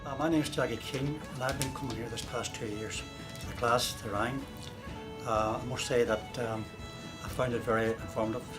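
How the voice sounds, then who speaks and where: A man speaks earnestly as a learner in an adult class, often repeating his words. His voice sits at a middle pitch. Music plays clearly underneath. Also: fairly even intonation, moderate pace.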